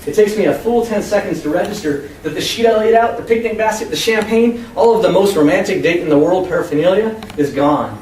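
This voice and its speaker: A young man from the United States reads his own first-person story to an audience at a public reading. His voice sits high and his delivery is emphatic and expressive. The sound is echoey and distant, with a faint hum underneath. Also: a little fast, hardly any pauses. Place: convention room with an audience. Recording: echoey room, far from the mic, faint hum.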